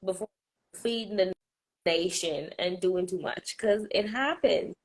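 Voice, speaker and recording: A woman's voice: fairly low pitch, a little slow. A woman guest chatting casually about faith, often calling her host "girl". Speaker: podcast guest.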